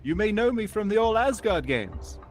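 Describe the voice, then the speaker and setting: A man voicing a pompous, boastful Viking showman in a cape, with a grand, drawn-out way of introducing himself. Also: high voice, sing-song, slight background noise, pitched above the performer's own voice.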